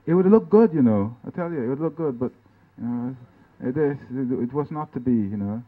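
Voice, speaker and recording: A man from Guyana giving an informal artist's talk over slides, halting with many restarts and tag questions like "right?" and "you know". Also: medium pitch, animated. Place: lecture venue. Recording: tinny, phone-like band-limited sound.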